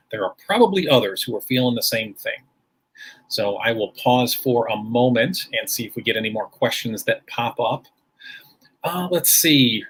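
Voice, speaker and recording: A man's voice: mid-range voice, fairly bright tone, husky. A man hosting a school presentation livestream, taking audience questions with upbeat, formal phrasing.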